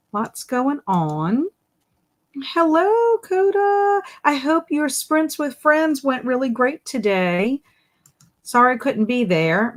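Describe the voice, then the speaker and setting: Cheery woman greeting a live chat. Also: a little high. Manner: greets chatters by name with bright rising hellos. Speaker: livestream host. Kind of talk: casual livestream chat.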